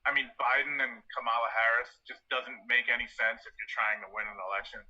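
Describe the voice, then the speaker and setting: A man's voice: mid-range voice, steady tone, brisk, bright, forceful tone. Blunt man on lo-fi remote line. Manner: blunt, casual, opinionated. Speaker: guest. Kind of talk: casual interview talk.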